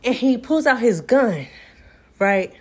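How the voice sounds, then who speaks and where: A young woman with a slightly high voice tells a movie's plot like gossip to a friend. She is chatty and animated and slips into quick impressions of the characters. It is a casual recap for her channel. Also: breathy edge. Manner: chatty, animated storytelling with acted-out quotes.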